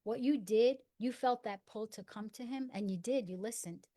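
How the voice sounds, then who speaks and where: A middle-aged woman telling a personal story in conversation, acting out the dialogue and dropping to a hush for quoted lines. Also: a little high, normal speed. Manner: earnest storyteller acting out dialogue in hushed tones. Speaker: guest.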